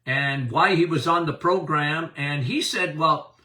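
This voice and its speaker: A man's voice: a little high, a little slow, bright, forceful tone, distant mic. An older man, a doctor hosting a podcast, talking casually about health and speaking straight to his listeners in a folksy way. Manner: folksy, addresses listeners directly.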